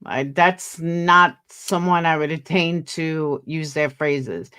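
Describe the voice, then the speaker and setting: A woman's voice: low voice, takes it slowly, bright, forceful tone, smooth. A woman hosting a casual livestream, tired and yawning, gossiping and greeting viewers by name. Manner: chatty, gossipy, reads out viewer names. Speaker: livestream host. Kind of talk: casual chat with live viewers.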